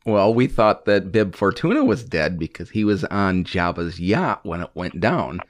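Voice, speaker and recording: A man's voice: sits low, sing-song, measured pace. A man in casual fan chat as a podcast co-host, asking questions and cracking dry jokes. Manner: dry joking interviewer, asks questions.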